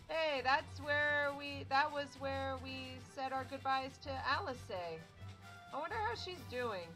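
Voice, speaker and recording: A woman's voice: fairly high pitch, rough recording. A young woman casually commenting on a game as she plays, rambling and chatty. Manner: rambling, chatty, self-interrupting. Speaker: let's play streamer.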